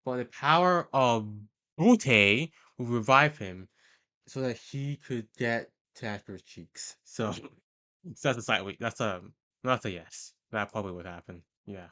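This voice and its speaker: A man ranks characters in a tier-list video, his medium-pitched voice pushed and bright, at a measured pace. He rambles casually, hesitating a lot and correcting himself partway through sentences, with many fillers.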